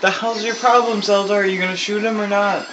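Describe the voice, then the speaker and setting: A man doing let's play commentary, swearing constantly and yelling at the game in frustration. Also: sits high, fairly even intonation, a little fast, background noise. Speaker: gaming commentator. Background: video game music and horse neighs.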